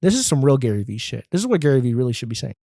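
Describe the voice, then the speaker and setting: A male comedian and podcast host rattles off a profane, self-mocking solo rant very fast, drifting from story to story. His mid-range voice is mellow and dark, with big pitch swings and vocal fry, captured close and dry.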